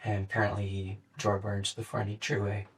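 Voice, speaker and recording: Flat, halting young man, off-mic. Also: fairly low pitch. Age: late teens. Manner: flat, matter-of-fact, halting with fillers. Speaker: murder suspect being interrogated. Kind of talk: police interrogation statement. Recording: distant mic in an interrogation room.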